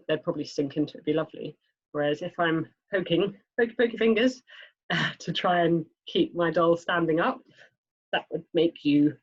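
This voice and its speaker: A woman's voice: deep voice, husky, dull audio. A woman physiotherapist giving a spoken presentation to parents, explaining step by step with frequent fillers. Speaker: children's physiotherapist. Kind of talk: presentation lesson.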